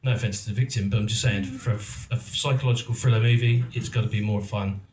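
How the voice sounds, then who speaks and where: A man's voice: lowish voice, fairly even intonation, quick pace, a little mellow, roomy sound, a little hiss or hum. A middle-aged man from England, an actor and producer, tells his story casually to a live audience, rambling and self-mocking with lots of ums and restarts. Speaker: actor and producer giving a talk. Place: event venue in a roomy hall.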